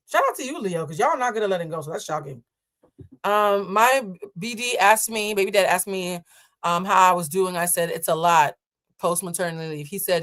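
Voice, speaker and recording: A young woman runs a live tarot reading and talks straight to her chat. She is sassy and playful, full of teasing asides. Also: mid-range voice. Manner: sassy, chatty, playful asides, reads viewer comments aloud. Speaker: tarot reader and livestream host.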